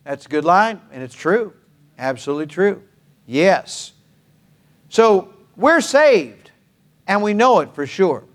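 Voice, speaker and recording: Emphatic preacher, higher-pitched man. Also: very animated, takes it slowly, pauses often. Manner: emphatic, repeats phrases for stress, folksy asides. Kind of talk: sermon.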